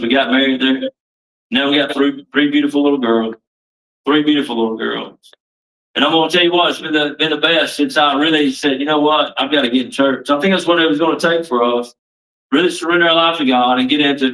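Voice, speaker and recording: A man's voice: medium pitch, sharp tone, far from the mic, rough recording. A man giving a plain-spoken, emphatic personal testimony at a recovery meeting, repeating himself for weight.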